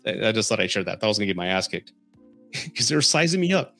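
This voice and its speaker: A man's voice: on the low side, big pitch swings, fast talker, gravelly, pushed and bright, soft background music. Chuckling storyteller man from San Antonio. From San Antonio, Texas, US. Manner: chuckles often while telling stories. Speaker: podcast host. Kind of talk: casual storytelling and dating advice.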